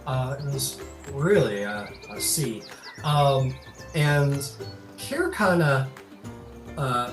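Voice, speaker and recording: Man running a tabletop game, animated pitch, loose and rambling, distant mic, soft music behind. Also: measured pace. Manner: loose, filler-heavy, animated. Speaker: game master. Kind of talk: narrating a tabletop role-playing game.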